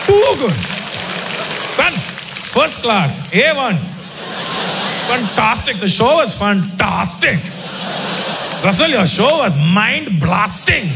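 A man's voice: very high voice, vocal fry, background noise, pitched above the performer's own voice, exaggerated voice. A comedian voicing an emphatic male Indian fan with an Indian accent.

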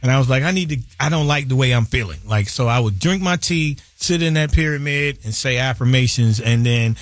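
A man in his fifties, a guest artist telling stories in a loose, animated way during a radio interview in a studio. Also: medium pitch, brisk, no echo. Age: 50s. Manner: loose, animated storytelling with laughs. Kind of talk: casual interview chat.

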